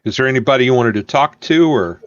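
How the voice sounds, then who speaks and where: A man narrating as game master of a tabletop game, halting often with filler words. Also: mid-range voice, animated, a bit bright, dry recording, muffled recording.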